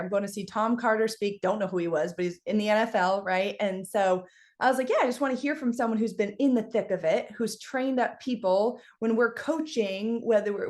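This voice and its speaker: A fairly high-voiced woman talks to her team in a lively motivational style. She moves fast between stories and asides, energetic and animated throughout. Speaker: team leader speaking on a team call. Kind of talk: casual motivational talk with storytelling.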